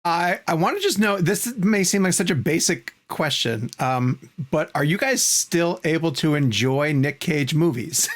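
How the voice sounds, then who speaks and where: A man's voice: on the high side, expressive, moderate pace. A man co-hosting a film podcast, asking a question hesitantly with a laugh. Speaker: podcast host. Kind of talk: podcast interview.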